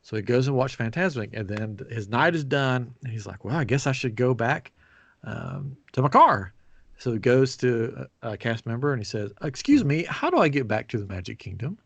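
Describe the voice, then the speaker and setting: A man hosting a podcast, telling a story in a casual chat with lively acted-out quotes. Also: mid-range voice, normal speed, gravelly, husky, no room sound, highs cut off. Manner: animated retelling with acted quotes. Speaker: podcast host.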